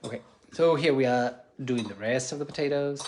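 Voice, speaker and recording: A man's voice: medium pitch, darkish tone, slight background noise. Coughing man with a hesitant delivery. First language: Spanish. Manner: halting, searching for English words. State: lingering cough. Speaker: cooking video co-host. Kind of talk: casual cooking chat. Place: home kitchen.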